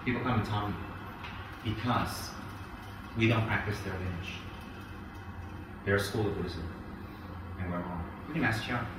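A man giving a Buddhist dharma talk, animated, mimicking people and rising into loud indignation. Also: on the low side, normal speed, pauses often. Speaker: Buddhist teacher. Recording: echoey hall, picked up from a distance, with background noise.

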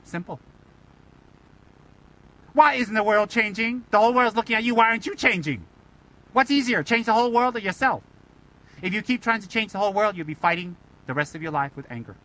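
High, bright-voiced playful Buddhist teacher. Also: male voice, a little fast, long pauses, low-quality recording. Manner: playful, teasing, rhetorical questions. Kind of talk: Dharma talk.

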